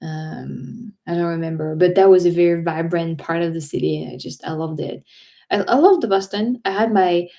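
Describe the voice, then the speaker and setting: A woman's voice: on the low side, moderate pace, warm tone. A woman from France with a French accent, chatting casually as host of a livestream, rambling with many restarts and fillers. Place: home.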